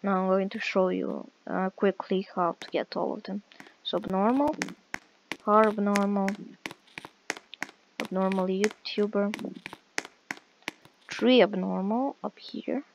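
A woman's voice: medium pitch, steady tone, takes it slowly, gravelly, pauses often, noisy background. A woman giving casual, hesitant gameplay commentary with many fillers while walking through a game. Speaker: game walkthrough creator.

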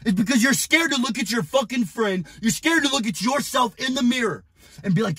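A young man coaching in an aggressive, profane motivational rant, often shouting at the viewer. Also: extremely high pitch, animated, fairly quick, slightly rough, dry recording. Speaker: business and fitness coach.

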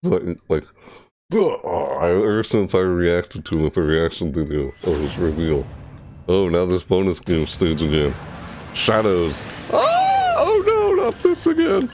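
A young man commentating his own gameplay, chatty and excitable, yelping and shrieking high when things go wrong. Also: unhurried. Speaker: gaming YouTuber. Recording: game music playing behind.

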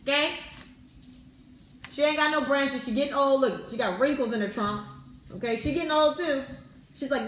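A woman reads a children's book aloud and breaks off for blunt, sassy commentary. Her voice is bright and forceful. The room is echoey, with faint noise underneath. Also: sits high, normal speed, long pauses. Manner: sassy, blunt, profane, animated. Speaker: book reviewer. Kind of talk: reading aloud with casual commentary.

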